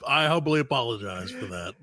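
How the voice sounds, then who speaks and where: A man's voice: medium pitch, animated, a little fast, bright, forceful tone, no echo. A man co-hosting a podcast in casual chat, joking around and slipping into goofy impressions. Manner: jokey, breaks into goofy impressions. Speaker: podcast co-host.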